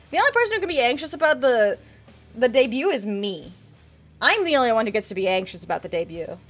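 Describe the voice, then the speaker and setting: A young woman streamer with a high, very lively voice that leaps all over. She chats casually and bubbly with her viewers, swearing freely. Faint music plays behind her. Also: fast talker. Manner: bubbly, swears casually, reads chat aloud. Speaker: VTuber streamer. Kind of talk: casual live-stream chat.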